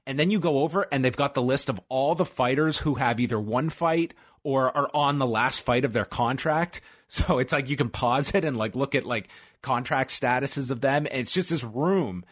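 A man's voice: mid-range voice, moderate pace, a bit bright, slightly rough. A man co-hosting a podcast, telling rambling, jokey stories in casual chat. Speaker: podcast co-host.

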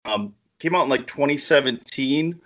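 A man co-hosting a podcast in casual chat, excitable and rambling, laughing often. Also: mid-range voice, moderate pace, dull audio. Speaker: podcast co-host.

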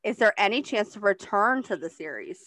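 A woman hosting a podcast, briskly steering the interview from one question to the next. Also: mid-range voice, lively intonation, fairly bright tone, dry recording. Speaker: podcast host. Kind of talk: interviewing a guest.

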